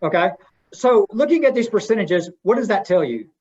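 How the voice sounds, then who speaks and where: A man's voice: high-pitched, expressive, normal speed, darkish tone, slightly rough. A middle-aged man giving an interactive communication workshop in a folksy way, asking his audience questions. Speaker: webinar presenter. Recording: dull lo-fi webinar audio.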